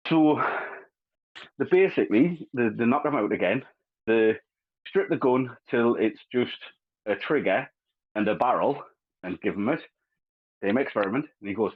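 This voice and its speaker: A man on a podcast, chatting casually and telling an animated story while acting out the voices in it. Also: mid-range voice, normal speed, pauses often. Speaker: podcast co-host. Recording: husky voice, dull lo-fi sound.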